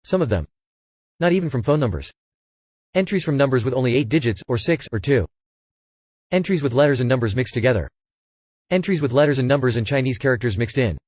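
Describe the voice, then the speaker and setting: A man reading a scripted horror story in an even voice, sometimes reading punctuation aloud. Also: mid-range voice, no room sound. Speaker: narrator.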